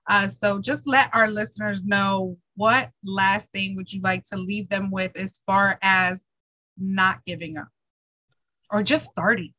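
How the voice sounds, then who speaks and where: Bright, enthusiastic woman podcast host. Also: medium pitch, dry recording, low-quality recording. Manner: enthusiastic, gushing praise. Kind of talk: interview chat.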